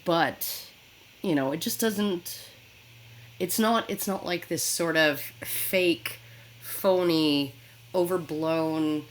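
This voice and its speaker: Animated, rambling woman co-host. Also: on the low side, slow. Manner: animated, rambling, lots of swearing and restarts. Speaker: podcast co-host. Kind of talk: casual chat.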